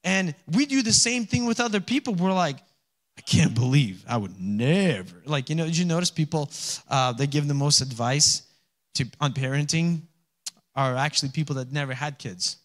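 Man preaching a sermon, high voice, chatty, acts out quotes, swells to loud calls. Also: moderate pace. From Alaska. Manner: conversational preaching, acts out little voices and laughs; rising to loud exhortation. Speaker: pastor.

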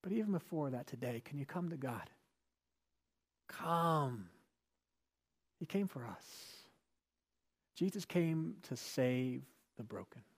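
A male pastor giving a sermon in a conversational way, with rhetorical questions and emphatic repetition. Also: medium pitch.

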